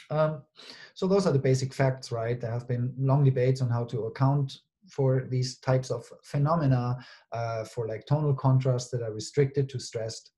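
A man's voice: medium pitch, warm tone. A man presenting a linguistics conference talk, explaining step by step with frequent ums and okays. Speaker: linguistics lecturer.

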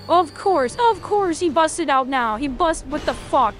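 A young woman with a high voice narrates her own gameplay live, swearing freely and reacting to every hit and dodge. Her talk is quick and loud in the tense moments. Faint game music plays in the background. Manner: excitable, swears a lot, reacts loudly to the game. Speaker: streamer playing a video game.

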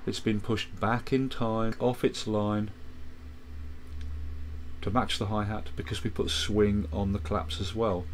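A man calmly walking through a music software tutorial, explaining step by step with quick asides. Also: on the low side, a little hiss or hum. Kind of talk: screen-recorded software tutorial.

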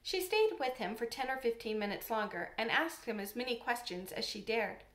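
A woman narrating a storybook with calm, measured reading. Her voice is fairly high. The recording carries a roomy echo. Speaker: audiobook reader.

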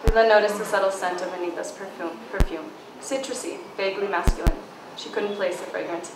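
A woman's voice: mid-range voice, steady tone. A woman reading aloud from her own novel at a book launch, giving the dialogue some emphasis. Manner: reads dialogue with emphasis, casual and halting when answering. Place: bookstore event space. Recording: echoey room, far from mic, background noise.

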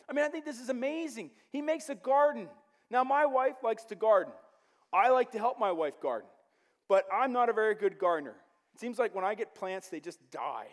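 High-voiced joking male pastor. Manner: joking, conversational preaching. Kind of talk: sermon. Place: church.

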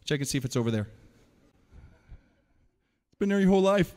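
A man performing an interactive stage show for children, playfully calling out quick commands and teasing his audience. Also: fairly high pitch, expressive, darkish tone. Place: large hall. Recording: long hall reverb.

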